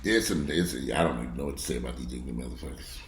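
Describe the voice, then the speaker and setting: A man in a profane, angry rant. He curses bluntly and mocks people, swinging between low grumbling and loud outbursts. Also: very fast. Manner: blunt, heavy cursing, mocking. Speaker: video blogger. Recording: echoey room.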